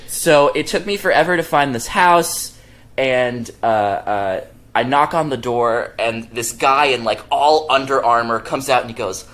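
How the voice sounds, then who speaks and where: Young man telling animated stories. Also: mid-range voice, measured pace. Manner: animated, laughing storyteller acting out quotes. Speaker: podcast producer and guest. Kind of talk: casual storytelling.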